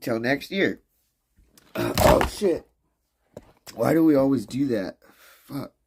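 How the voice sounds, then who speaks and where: Young guy streaming over beers, gravelly voice, slow drawl that swings up and down, cussing and rambling. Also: medium pitch, expressive, heavy background noise. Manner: loose, rambling and profane, laughs often. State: drinking beer. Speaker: livestream host. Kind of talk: casual stream chat.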